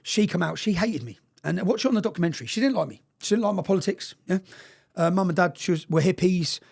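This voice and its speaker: Fast, insistent man. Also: high voice, expressive, gravelly, a little mellow, breathy edge. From England. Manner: insistent, ends phrases with "yeah?" tags. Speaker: guest. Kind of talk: impassioned storytelling in conversation.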